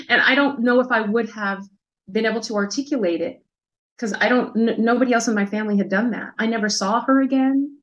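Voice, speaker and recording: Soft-spoken reflective woman in her fifties. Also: a little high, brisk, dull audio. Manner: reflective, soft, hesitant with many fillers. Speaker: interview guest. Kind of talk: personal storytelling.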